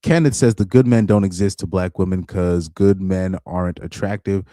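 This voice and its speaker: This man's deep voice, which he calls super villain-like, has a dark, steady tone at a moderate pace, captured in clean studio sound with no room sound. He's a reaction streamer giving casual livestream commentary, laid-back, laughing often and trailing off mid-thought.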